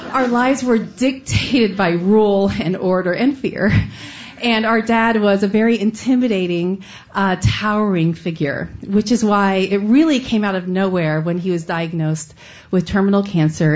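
A woman's voice: mid-range voice, a little mellow, lo-fi sound. A woman from Texas telling a true personal story in an earnest, conversational way, now and then breaking into a laugh. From Austin, Texas, USA.

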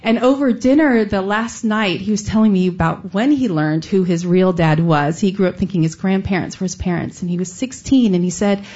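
A woman's voice: medium pitch, fairly quick, few pauses, a little mellow. A middle-aged woman from the United States telling a heartfelt personal story on stage, earnest with light laughs. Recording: dull lo-fi sound.

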